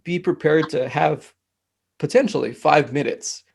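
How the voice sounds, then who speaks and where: A man with a gravelly, slightly raised voice chats in an easygoing, rambling way. He fills his speech with "like" and "you know", and keeps a loose, relaxed flow. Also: fairly high pitch, a little slow. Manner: easygoing, rambling, with many fillers. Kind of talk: casual conversation.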